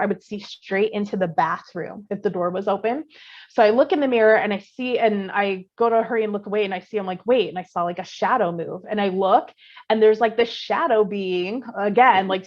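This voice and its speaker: Female podcast co-host, mid-pitched, animated casual storyteller, swears freely, slightly muffled lo-fi recording. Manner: animated, chatty, swears, lots of fillers.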